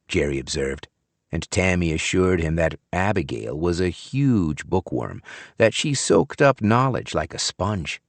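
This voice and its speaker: Low, lively-voiced male audiobook narrator. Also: unhurried, no echo. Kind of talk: scripted narration.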